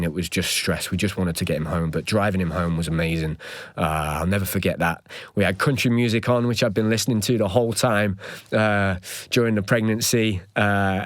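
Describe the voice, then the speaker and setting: A young man hosting a podcast, recounting a personal story in an animated, increasingly agitated way. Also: sits low, dry recording. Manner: animated retelling with rising agitation. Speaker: podcast host. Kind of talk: solo storytelling.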